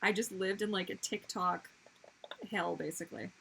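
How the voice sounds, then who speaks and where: A woman's voice: medium pitch, fairly even intonation, moderate pace, creaky, pushed and bright, slight background noise, low-quality recording. A young woman hosting a livestream, chatting casually while she draws, rambling and interrupting herself with sudden exclamations. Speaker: livestream host and artist. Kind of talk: casual chat while drawing.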